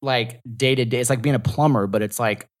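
A man's voice: medium pitch, a little fast. A man from the American South, an actor chatting as a podcast guest, talking in loose, rambling sentences full of fillers. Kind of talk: casual interview chat.

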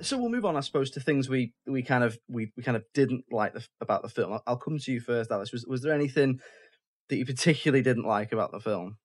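A man's voice: medium pitch, expressive, fast talker. A man leads a casual film chat in an ordinary mid-range voice. He talks in a loose, rambling way, stopping and restarting his sentences as he gathers his thoughts. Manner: chatty, self-interrupting, with frequent restarts. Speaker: podcast host.

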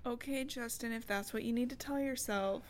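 A woman's voice: a little high, moderate pace, a little hiss or hum. Chatty woman recapping a book. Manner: loose and chatty, swears and laughs a lot. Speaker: podcast co-host. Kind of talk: casual book recap chat.

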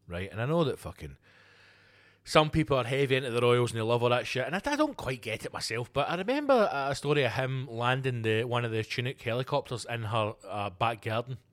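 Man, solo podcast rant, profane, sarcastic, loud then muttering. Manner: swings from loud emphatic outbursts to low muttered asides. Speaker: podcast host. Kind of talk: ranting solo podcast monologue.

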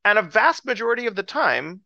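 Bright, animated male preacher. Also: high voice, brisk, gravelly, dry recording, dull audio. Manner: animated, excited storyteller acting out characters. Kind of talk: sermon storytelling.

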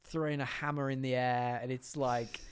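A man's voice: mid-range voice, smooth. Chatty man riffing about films. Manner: chatty, quick restarts, animated quoting. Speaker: podcast co-host. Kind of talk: casual film chat.

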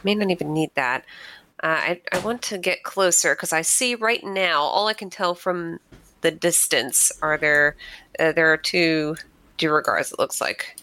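A woman's voice: low voice, measured pace, pushed and bright, slight background noise. A woman playing a tabletop game, thinking aloud through her turn with fillers and self-corrections. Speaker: player. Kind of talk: casual tabletop play.

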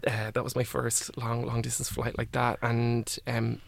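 A young man, a guest telling a personal story in a halting way full of "like" and "I was like". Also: medium pitch, monotone, vocal fry. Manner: halting, with many "like" and "I was like" quotes.

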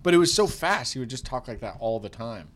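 A man's voice: mid-range voice, expressive, fast talker, a bit bright. Man in his thirties, chatty and rambling. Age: 30s. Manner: rambling, many fillers and restarts. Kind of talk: casual comedic chat.

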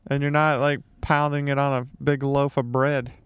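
A man's voice: mid-range voice, little pitch movement, moderate pace, clear, resonant tone, no echo. A young man, a stand-up comedian, chatting casually with a friend, easygoing and swearing a lot. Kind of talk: casual chat.

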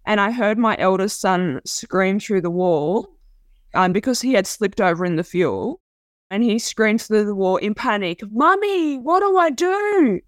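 A woman giving a raw, halting personal account, often restarting and repeating herself. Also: mid-range voice, no room sound. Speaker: interviewee telling her story. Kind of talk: personal testimony.

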